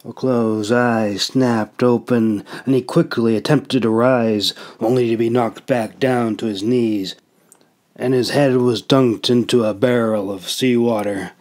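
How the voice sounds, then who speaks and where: A man narrating a fantasy audiobook in a measured, deliberate reading. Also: medium pitch, steady tone, a little mellow. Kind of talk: storybook narration.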